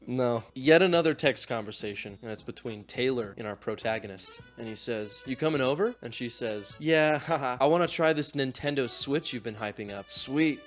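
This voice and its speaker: A man's voice: medium pitch, moderate pace, hardly any pauses, lightly acted. A man playing a goofy mock doctor host. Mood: sarcastic. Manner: sarcastic, mock-professional, reads posts aloud. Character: goofy self-styled doctor-professor advice host, male adult. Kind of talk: comedic commentary on social media posts. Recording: faint music behind.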